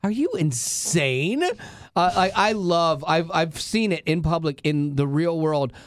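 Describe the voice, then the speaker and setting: Male co-host, lively storyteller, slightly high voice, dry studio sound. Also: a little slow, dry recording. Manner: animated storyteller, jumps into high excited voices. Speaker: radio show co-host. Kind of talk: casual chat.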